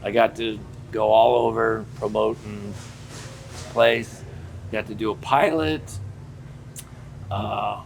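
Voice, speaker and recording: Gravelly older man telling stories. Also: on the low side, slow pace, pauses often, slight background noise. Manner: animated storyteller acting out dialogue. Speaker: theme park character performer. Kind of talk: casual interview storytelling.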